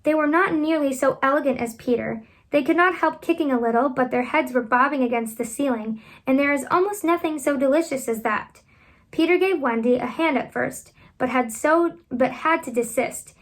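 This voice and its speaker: A woman reading a children's classic aloud at home, expressive and animated, lifting her voice for the children's lines. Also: high voice, moderate pace. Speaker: reader.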